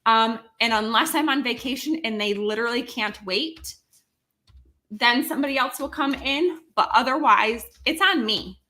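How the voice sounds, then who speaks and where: A woman with a bright, forceful voice, pitched a little high, explaining things in a casual live stream chat. She walks through her points step by step with her own examples. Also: moderate pace. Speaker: co-host handling office and numbers.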